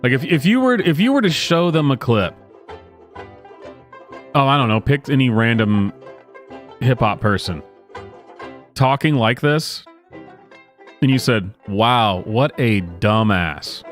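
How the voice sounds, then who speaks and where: A man's voice: medium pitch, big pitch swings, measured pace, pauses often, soft background music. A man doing sarcastic reaction commentary, sardonic and incredulous, with chuckling asides. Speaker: online commentator.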